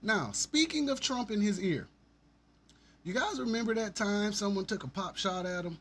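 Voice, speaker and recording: A man's voice: high-pitched, lively intonation, moderate pace, fairly bright tone, a little hiss or hum. Profane, sarcastic male podcast host. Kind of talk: ranting solo commentary.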